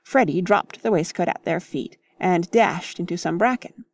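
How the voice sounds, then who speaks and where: A woman narrating a classic novel in measured, lively storytelling. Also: fairly low pitch. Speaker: audiobook narrator.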